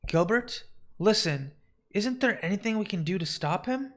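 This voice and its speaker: A man's voice: high-pitched, animated, moderate pace, voice pushed up. A man voicing a blunt, impatient young woman in a raised voice. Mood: pleading.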